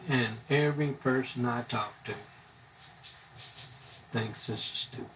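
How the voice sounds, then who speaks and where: A man's voice: medium pitch, measured pace, a bit bright, far from the mic, rough recording. A man from the United States, ranting bluntly and indignantly on a live stream, rambling from one grievance to the next. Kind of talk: angry live-stream rant. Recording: voice a bit off-mic, faint background hum.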